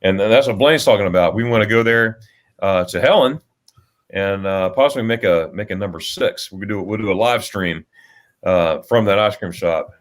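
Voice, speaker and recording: A man with a fairly low voice hosts a relaxed livestream chat. He rambles through stories, stopping and restarting with plenty of fillers. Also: normal speed. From United States. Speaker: livestream host.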